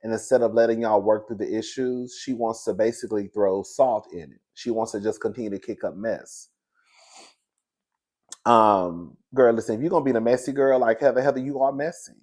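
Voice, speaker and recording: A man recapping a reality TV episode in casual solo chat, sassy and animated, laughing often and acting out quotes. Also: medium pitch, brisk.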